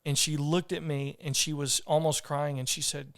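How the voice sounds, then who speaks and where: A man hosts a podcast, telling a story in an earnest, rambling way. His voice is smooth and clear, with an even, steady pitch. The sound is close and dry. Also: moderate pace, no room sound. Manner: earnest, rambling with restarts and fillers. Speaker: podcast host. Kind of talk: casual conversational storytelling.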